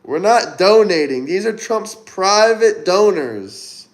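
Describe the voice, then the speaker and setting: A man hosting a casual livestream, reading viewer comments aloud and giving upbeat, chatty shout-outs. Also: high voice, lively intonation, takes it slowly. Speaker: livestream host. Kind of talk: casual live-stream chat reading comments.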